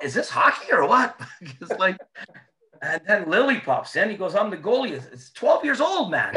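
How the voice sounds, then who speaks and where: Animated, swearing storyteller man. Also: high-pitched. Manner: animated, swears a lot, laughs through his stories. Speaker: former hockey player telling stories. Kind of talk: casual storytelling chat.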